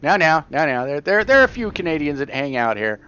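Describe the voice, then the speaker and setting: A man's voice: fairly high pitch, big pitch swings, brisk, bright, forceful tone, clean tone, dull audio. A man chatting in an easygoing way while playing a game, laughing often. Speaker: gamer co-streamer. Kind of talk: casual chat while gaming.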